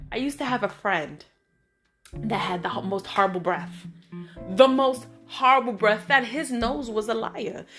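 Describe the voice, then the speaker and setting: A middle-aged woman hosts her own vlog and tells personal stories in a casual, lively way. Her voice sits a little high, and she slips into other people's voices as she recounts what they said. Clear music plays behind her. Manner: animated, acts out friends' voices and lines. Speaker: vlog host. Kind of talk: casual storytelling monologue.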